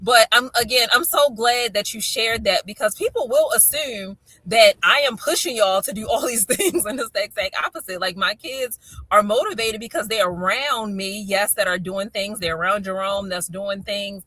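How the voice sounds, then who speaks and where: A middle-aged woman with a Baltimore accent chats as a host and tells stories in a lively way, acting out the lines she quotes. Her voice is bright and forceful. The sound is close and dry. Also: medium pitch, moderate pace, no echo. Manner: animated storyteller, acts out quotes. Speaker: podcast host. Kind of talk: casual chat.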